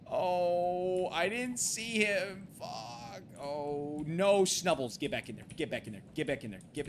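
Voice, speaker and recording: A man's voice: fairly high pitch, fairly bright tone, slight background noise. A man streaming a game late at night, rambling with many fillers and restarts, and swearing and pleading when things go wrong. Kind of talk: casual late-night gaming livestream chat.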